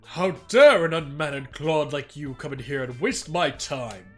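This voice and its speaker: A streamer voicing a hot-tempered middle-aged male theater director in a nasal voice, slow and snapping while reading a game aloud. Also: medium pitch, sing-song, sharp tone, faint music behind. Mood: indignant. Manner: angry, slow, pompous snapping.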